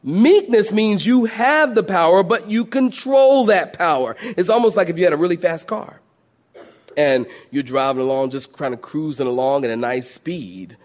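A middle-aged man, a pastor, preaching a sermon as an animated storyteller who drops low and soft, then rises loud and high. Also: normal speed.

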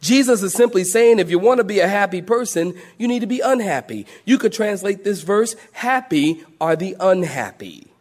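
A high-voiced middle-aged man preaching a sermon. He tells folksy stories, stumbles over restarts and repeated words, and breaks into acted-out moaning. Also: animated, moderate pace, few pauses, a little mellow. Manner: folksy storytelling preacher, acts out moaning church ladies. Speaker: pastor.

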